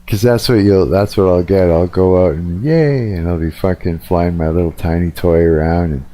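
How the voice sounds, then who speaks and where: A man's voice: sits low, normal speed, mellow. A man chatting casually on a live stream, a little tired, rambling and swearing freely. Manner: profane, rambling, restarts sentences. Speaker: livestreamer.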